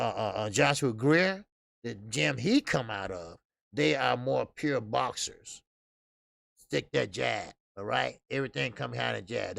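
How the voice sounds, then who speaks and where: Man, gravelly, dry close sound, casual profane boxing chat. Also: mid-range voice, fairly bright tone, no echo. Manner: loose, profane, laughs at his own stories. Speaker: boxing show host. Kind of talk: casual solo boxing commentary.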